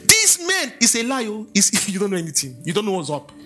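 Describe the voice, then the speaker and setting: A Nigerian pastor preaches with a bright, forceful edge, and his pitch leaps and dips all over as he teases the congregation and chants scripture. Soft music sits faintly underneath him in the church. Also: quick pace. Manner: lively, preaching with asides, chanted scripture and mimicry. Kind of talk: sermon.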